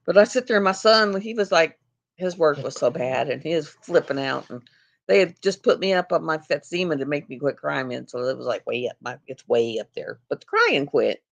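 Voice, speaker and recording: Middle-aged woman hosting a casual livestream. Rambling storyteller who laughs often, with a low, gravelly voice. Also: fairly quick. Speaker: livestream host.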